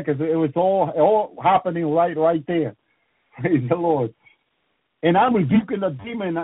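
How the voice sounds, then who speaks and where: Male minister, husky high voice, halting testimony full of praise interjections, phone-quality dry recording. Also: no room sound. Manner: punctuates every few phrases with "praise the Lord"; halting, repeats words and restarts. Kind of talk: testimony preaching. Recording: dry, tinny phone-like sound.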